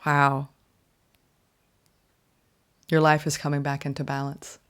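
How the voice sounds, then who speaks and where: A woman giving a casual spoken tarot reading, expressive and emphatic, swinging between loud exclamations and soft murmurs, often saying "right?" and "like". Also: sits low, slow, clean tone. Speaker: tarot reader.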